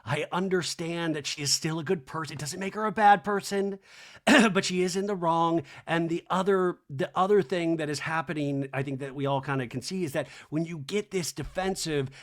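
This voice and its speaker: A man hosting a podcast, recapping reality TV in a chatty, animated, profane way. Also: a little high, moderate pace. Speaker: podcast host.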